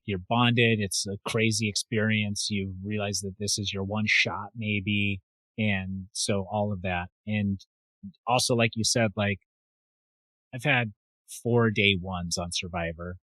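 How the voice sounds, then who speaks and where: Low-voiced chatty male podcast host. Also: fairly even intonation, a bit bright, dry recording, low-quality recording. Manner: quick, chatty, filler-heavy. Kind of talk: casual chat.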